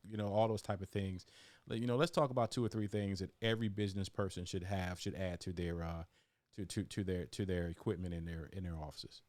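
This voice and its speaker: A man's voice: low voice, steady tone, fairly quick, a little mellow, no echo. A man hosting a casual video-call interview, chatty, often repeating and restarting his words. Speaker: host.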